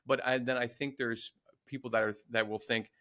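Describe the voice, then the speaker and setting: A man's voice: medium pitch, level tone, moderate pace, pushed and bright. A man hosting a podcast who speaks reflectively and searches for his words as he goes. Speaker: podcast host. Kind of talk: conversational interview.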